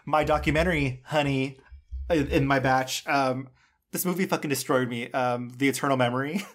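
A man's voice: medium pitch, fairly even intonation, normal speed, fairly bright tone. A man co-hosting a film review podcast, talking in an effusive, casual way with lots of filler words. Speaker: podcast co-host.

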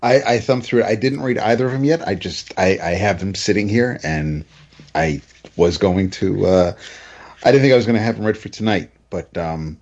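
A man's voice: lowish voice, moderate pace, a little mellow, muffled recording. A man co-hosting a casual podcast chat from home, rambling and hesitant with frequent restarts. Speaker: podcast co-host. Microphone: home mic, moved around.

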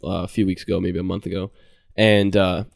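A young man telling a work story in a relaxed casual chat, full of fillers. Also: low voice, brisk, creaky.

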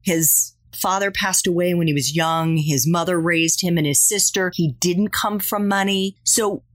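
A woman hosts a podcast with enthusiasm and encouragement, acting out the voices she quotes. Her voice sits a little low for a woman. The sound is dry and close to the mic. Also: fairly even intonation, measured pace, no room sound. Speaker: podcast host. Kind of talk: casual interview chat.

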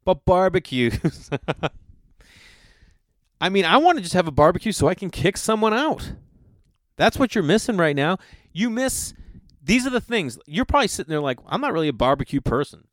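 A man's voice: high-pitched, moderate pace, pauses often, no echo, studio quality. A man telling a comic story in a loose monologue, swearing freely and acting out what other people said. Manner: animated, profane, acts out other people's lines.

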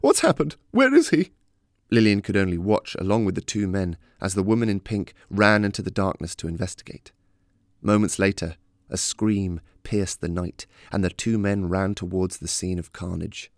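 Low-voiced guy reading a storybook, steady and measured, dry close sound. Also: dry recording. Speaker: narrator. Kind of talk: scripted storybook narration.

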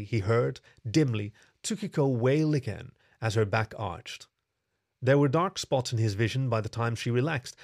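A man's voice: mid-range voice, a little mellow, no room sound. Man narrating a story, dry close sound. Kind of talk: scripted audiobook narration.

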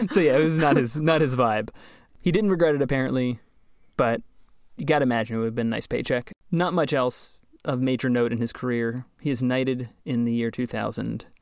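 A man hosting a podcast, telling a story in casual chat, wry and quick to laugh. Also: mid-range voice, no room sound, clean studio sound. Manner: chatty, wry, laughs often. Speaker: podcast host.

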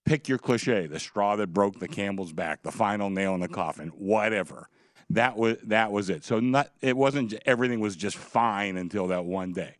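A man's voice: fairly low pitch, no room sound, studio quality. A man who directs a sportsbook, speaking firmly and matter-of-factly as a guest. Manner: measured, firm, matter-of-fact. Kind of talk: radio guest interview.

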